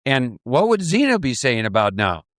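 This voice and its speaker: Man running a recovery workshop, lively and repetitive, mid-pitched voice, dry sound. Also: moderate pace, dry recording. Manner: animated, repetitive, laughing often. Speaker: speaker leading a recovery workshop. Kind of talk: live workshop talk.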